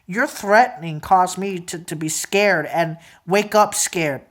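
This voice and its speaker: Angry young woman ranting, swearing. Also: slow. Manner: repeats phrases, drops to a low mutter at times. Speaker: vlogger. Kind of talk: emotional venting monologue.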